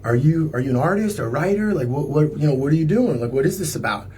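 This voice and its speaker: A man quoting a shy, polite young woman, speaking softly and hesitantly in his own voice, stumbling over her words. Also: on the high side, animated, quick pace, a little hiss or hum, close to an everyday voice.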